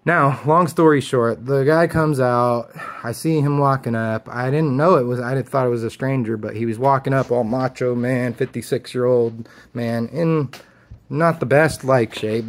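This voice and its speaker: Regular-pitched guy vlogging a story, chill and blunt, curses a lot. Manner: laid-back, blunt, swears freely. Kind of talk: casual storytelling.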